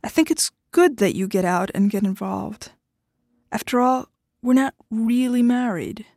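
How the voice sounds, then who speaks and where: A woman's voice: fairly high pitch, unhurried, a little mellow, no echo, studio quality. Woman reading a blunt, impatient wife. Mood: firm. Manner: firm and blunt.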